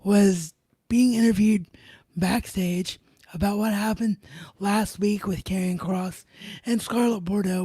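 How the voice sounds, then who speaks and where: A man hosting a solo recap show, retelling events with excitement and paraphrasing others' lines. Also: high voice, breathy edge, no echo. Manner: excited storytelling, paraphrasing others in their own words. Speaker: podcast host.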